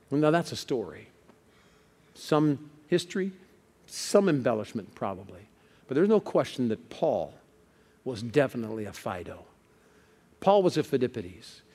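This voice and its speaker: A man's voice: medium pitch, a little mellow. Man preaching in a reverberant hall. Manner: storytelling preacher, building urgency. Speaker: pastor. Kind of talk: sermon.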